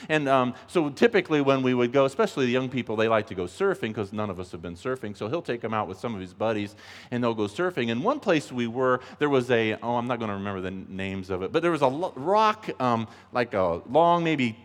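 A man preaching a sermon as a pastor, emphatic and animated, acting out the voices he quotes. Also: fast. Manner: emphatic, acts out quoted voices, rises in pitch when pleading. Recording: long reverb of a large hall.

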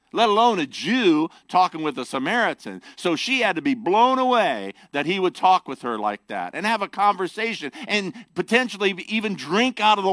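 A man preaching a sermon, animated and emphatic as he explains scripture to his congregation. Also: sits high, no echo. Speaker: pastor.

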